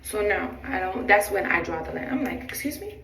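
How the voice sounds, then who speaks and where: A young woman, a flight attendant, telling a dramatic story from her job in a sassy, animated way while doing her makeup, acting out what people said. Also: on the low side, normal speed, gravelly. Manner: animated, dramatic retelling with acted-out quotes; blunt, sassy asides. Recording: roomy, distant, noisy background.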